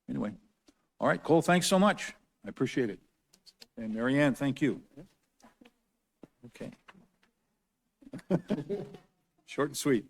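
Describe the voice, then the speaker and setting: A man with a somewhat low voice chairs a council meeting in a formal, halting way. He restarts his phrases and repeats words as he gathers his thoughts. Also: husky. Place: council chamber.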